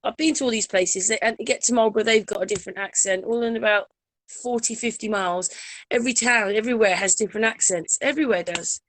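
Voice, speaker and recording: A woman's voice: on the high side, fast. A woman from England with a slight Berkshire accent, chatting casually and laughing easily. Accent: English, slight Berkshire. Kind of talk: casual online chat.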